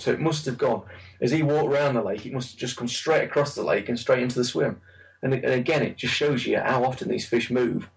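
Quick gravelly bloke rambling through fishing stories, bit off mic. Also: male voice, mid-range voice, far from the mic, low-quality recording. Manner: rambling, repeats words, quick storytelling. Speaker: carp angler recalling a lake. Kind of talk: casual chat.

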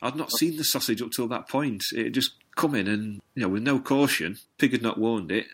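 A man's voice: mid-range voice, brisk, fairly bright tone, husky. A Northern English man chatting casually about fishing, telling stories in a dry, understated way. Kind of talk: casual chat.

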